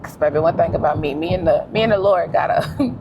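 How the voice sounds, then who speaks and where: A young woman vlogging while driving, telling stories in a relaxed, slangy way. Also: fairly low pitch, brisk, muffled recording, background noise. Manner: animated storytelling with slang and laughs. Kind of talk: casual vlog chat. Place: in a car.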